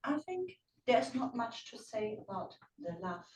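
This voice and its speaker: A woman's voice: on the high side, sing-song, measured pace, darkish tone, recorded from a distance. Woman, impromptu club speech, playful and chatty, away from mic, echoey room, faint noise. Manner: playful, laughing, chatty asides. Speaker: club member answering a topic.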